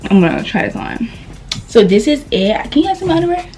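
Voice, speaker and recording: A woman's voice: a little high, very animated, fast, darkish tone, faint music behind. A young woman vlogger chatting casually through a clothing haul, a little out of breath, rambling and calling her viewers y'all.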